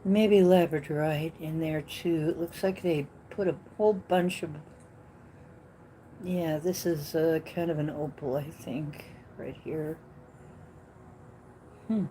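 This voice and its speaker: A woman hosting a casual live-stream chat, rambling and giggly with many fillers, swinging from loud exclamations to trailing murmurs. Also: deep voice, slight background noise, poor audio. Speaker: host.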